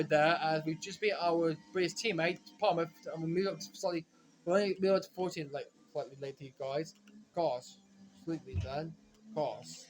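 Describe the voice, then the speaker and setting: A man giving rambling, self-correcting commentary while playing a racing game, now and then breaking into frustrated shouts. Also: a little high. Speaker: gaming commentator. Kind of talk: casual let's-play commentary.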